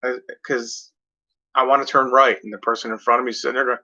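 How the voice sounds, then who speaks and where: A man's voice: medium pitch, fairly even intonation, brisk, bright, forceful tone. Profane rambling man vlogging. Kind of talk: casual rambling monologue. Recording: muffled lo-fi recording.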